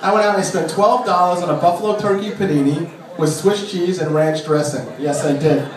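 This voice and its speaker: A man doing a stand-up comedy set in a club, complaining about his nagging wife and mimicking her in shrill, exasperated bursts. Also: brisk. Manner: exasperated, shrieking put-upon impressions of his nagging wife. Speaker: stand-up comic. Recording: roomy club from a distant mic, noisy. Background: crowd laughter.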